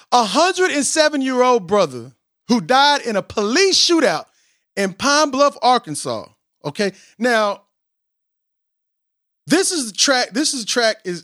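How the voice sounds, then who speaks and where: A man hosting a podcast in a casual, animated way, mocking himself as he tries to rap and then explaining with preacherly emphasis. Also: extremely high pitch, unhurried, dry recording, clean studio sound. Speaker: podcast host. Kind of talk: casual podcast intro with attempts at rapping.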